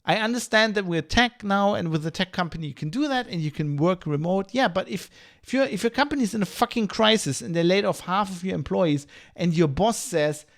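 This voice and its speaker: A man's voice: sits high, expressive, brisk, fairly bright tone. A man hosting a podcast livestream, ranting in a heated, profane, rambling way. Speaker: podcast host.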